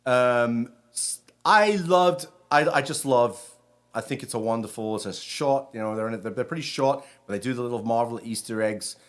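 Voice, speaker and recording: A man's voice: medium pitch, moderate pace. A man from Britain, a rabbi, giving a casual spiritual talk in a rambling, conversational way full of restarts.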